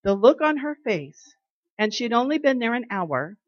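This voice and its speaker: A woman leading an informal devotional talk, reading scripture and telling everyday stories in an earnest, conversational way, slowing down to stress key phrases. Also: fairly high pitch, sing-song, no echo, highs cut off. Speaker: Bible study leader.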